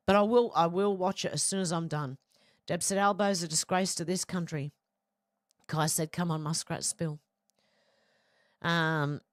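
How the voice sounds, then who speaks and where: A woman's voice: a little high, no echo, clean studio sound. An Australian woman hosting a livestream, casually reading viewer comments aloud and chatting bluntly. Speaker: livestream host reading chat. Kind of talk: casual live chat.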